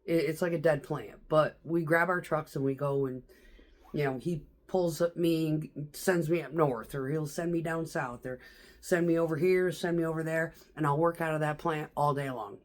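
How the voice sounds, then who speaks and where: A middle-aged woman chats through a rambling story, swearing freely and breaking into laughter. Her voice sits a little low for a woman. She talks like she's catching up with a friend. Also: steady tone, moderate pace. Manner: chatty, profane, laughs often. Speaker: vlogger. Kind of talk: casual storytelling vlog.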